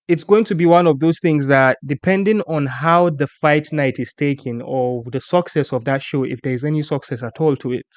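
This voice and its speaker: A man hosts a loose sports conversation in a slightly raised voice, animated and prone to restarts. The sound is close and dry, with no room around it. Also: on the high side, dry recording, highs cut off. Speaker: podcast host. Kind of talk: casual sports chat.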